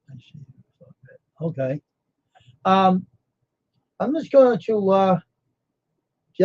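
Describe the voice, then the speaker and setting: A screen printer hosts a casual livestream, tired and yawning yet self-assured, his voice sitting a little high and a little mellow. He rambles while addressing viewers by name, and the audio is dull and lo-fi.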